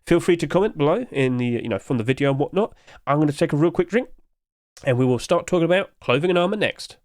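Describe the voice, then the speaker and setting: A man's voice: a little high, expressive, fast, a little mellow, no echo, studio quality. A young man giving casual commentary on video game skins, chatty and often asking his viewers questions. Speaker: video game skin reviewer.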